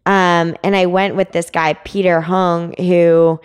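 A woman's voice: fairly low pitch, flat delivery, slow, smooth. A young woman telling a climbing story in a casual interview, chatty with many fillers. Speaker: climbing guest.

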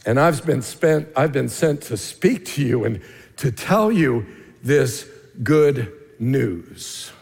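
Emphatic gravelly-voiced male pastor preaching. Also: medium pitch, animated, takes it slowly. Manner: earnest, emphatic preaching that drops to a hushed tone for key points. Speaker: lead pastor. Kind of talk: sermon. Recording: long reverb of a large hall.

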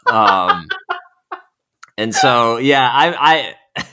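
A woman's voice: extremely low pitch, lively intonation, drawn-out words, pushed and bright, soft background music. A woman co-hosting a podcast in casual chat, reacting with short replies and self-deprecating remarks. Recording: noisy background.

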